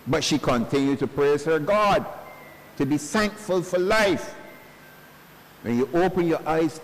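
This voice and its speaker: A male pastor giving a funeral sermon in earnest, slow preaching sprinkled with homespun stories, recorded at a church service. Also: a little high, lively intonation. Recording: long church reverb.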